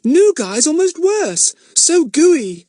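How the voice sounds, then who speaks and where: A man voicing a small, eager, excitable girl who talks in a breathless rush. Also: very high-pitched, slow, dry recording, clean studio sound, pitched above the performer's own voice, full character voice.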